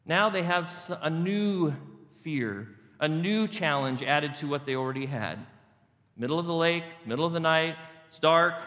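A man's voice: on the high side, normal speed, fairly bright tone. A male pastor preaching a sermon in an emphatic, repetitive, conversational way. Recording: long reverb of a large hall.

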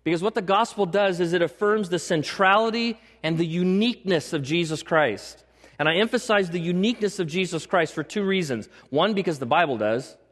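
A man with a high, fairly bright voice preaches a little fast as pastor. His emphatic sermon repeats key phrases and questions the congregation, echoing with the long reverb of a large church sanctuary.

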